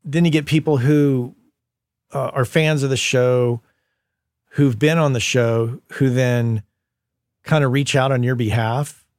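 A man's voice: mid-range voice, unhurried, long pauses, dry recording. A man hosting a podcast, telling stories in casual conversation and livening up the people he quotes. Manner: storytelling, animated when quoting people. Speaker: podcast host.

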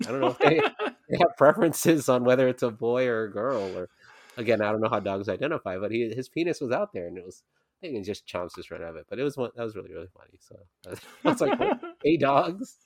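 A man's voice: mid-range voice, sing-song, brisk, fairly bright tone, no echo. A young man co-hosts a casual podcast, wandering through stories with plenty of swearing and laughter. His voice sits in a middle range. The sound is dry and close. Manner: rambling, profane, laughs through anecdotes. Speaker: podcast co-host. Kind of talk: casual chat.

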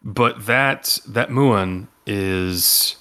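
A man's voice: lowish voice, drawn-out words, bright, forceful tone, smooth. A man running a tabletop role-playing game as game master, rambling with many ums and restarts.

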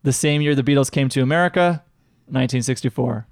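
Smooth-voiced man on a dry mic. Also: mid-range voice, fast talker, dry recording. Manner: easygoing, reads letters aloud. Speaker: podcast co-host reading listener questions. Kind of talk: casual chat.

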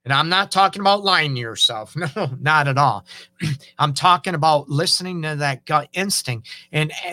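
A man's voice: on the high side, pushed and bright, no echo. A man hosting a relationship advice show as a counselor, talking casually, acting out quoted dialogue and often checking in with "okay?". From Detroit area. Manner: conversational, acts out quoted dialogue, frequent "okay?" and "you know".

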